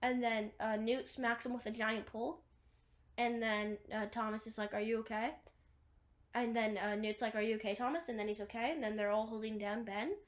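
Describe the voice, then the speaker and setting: A woman's voice: a little high, flat delivery, moderate pace. A woman retelling a film scene by scene in a rambling, casual way, full of "like" and restarts. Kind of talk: casual movie recap.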